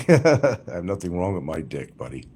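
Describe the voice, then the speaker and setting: A man's voice: low-pitched, big pitch swings, unhurried, darkish tone, a little hiss or hum. A middle-aged man livestreaming, telling rambling, crude and profane stories about his past.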